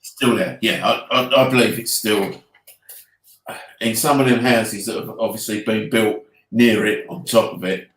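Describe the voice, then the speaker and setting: A man's voice: on the low side, steady tone, measured pace, a bit bright, echoey room. A man with an Essex accent, co-hosting a casual chat about hauntings, speaking earnestly and often trailing off to restart his sentences. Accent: Essex English. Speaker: podcast co-host.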